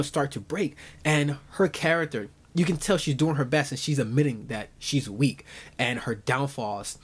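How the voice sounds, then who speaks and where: A man recapping an anime episode in casual, excited commentary, full of fillers like "you know" and "dude". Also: on the high side. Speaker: anime reviewer.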